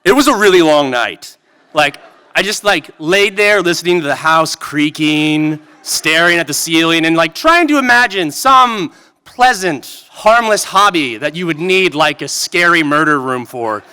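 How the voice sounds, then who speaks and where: Male storyteller at a live event; lively, loose, lots of "like"; higher, bright voice, reverberant hall. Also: a little slow, clean tone. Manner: animated, peppered with "like". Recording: long reverb of a venue hall.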